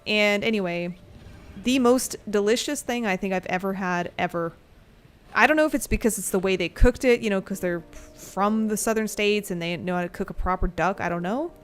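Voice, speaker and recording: Woman streamer, mid-pitched, rambling and giggly, casual swearing, soft music bed underneath. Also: brisk, clean tone. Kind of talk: casual gameplay commentary and storytelling.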